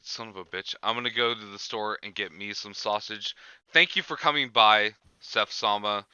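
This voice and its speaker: A laid-back man hosts a casual chat and swears offhandedly. His voice is very bright and crisp and sits a little low, heard dry and close through a dull lo-fi microphone. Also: moderate pace, no room sound. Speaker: podcast host. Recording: dull lo-fi mic.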